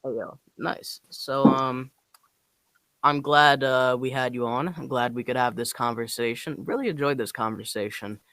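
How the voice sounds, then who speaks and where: Young male podcast host; bright, tense tone, halting and polite. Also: medium pitch, steady tone, dry recording. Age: young adult. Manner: halting, polite, filler-heavy. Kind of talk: casual interview talk.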